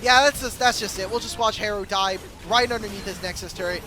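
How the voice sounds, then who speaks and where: A man's voice: high-pitched, fairly even intonation, fast, noisy background. A man giving casual, explanatory color commentary on an esports match. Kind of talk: analytical commentary.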